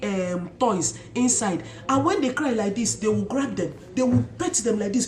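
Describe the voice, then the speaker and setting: A young Nigerian woman telling stories casually to her viewers with an animated, expressive manner and Pidgin asides. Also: medium pitch, moderate pace, reverberant. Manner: animated, mixes Pidgin asides, imitates loud shouts. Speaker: vlogger. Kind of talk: casual storytelling to camera.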